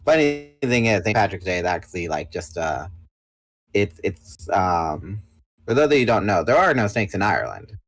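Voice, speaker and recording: A man's voice: lowish voice, big pitch swings, normal speed, dry recording, poor audio. A man in his twenties, chatting casually and bluntly as a guest on a livestream. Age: 20s. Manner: blunt, self-assured talker. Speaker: podcast guest.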